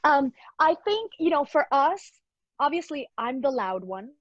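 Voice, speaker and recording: A woman's voice: sits high, sing-song, measured pace, dry recording. A woman guest in a casual interview, talking in an effusive, upbeat way and laughing often. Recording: dull lo-fi dry sound.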